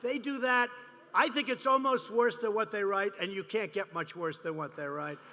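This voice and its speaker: A man's voice: high voice, steady tone, moderate pace, pushed and bright. A man giving a rambling, repetitive campaign rally speech to supporters, mocking and boastful. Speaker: politician addressing supporters. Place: large indoor rally venue. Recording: long hall reverb, faint background noise.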